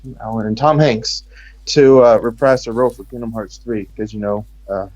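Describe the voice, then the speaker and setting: A man's voice: mid-range voice, normal speed, darkish tone, highs cut off. A man from Texas speaking with an American accent, rambling and joking sarcastically in casual chat.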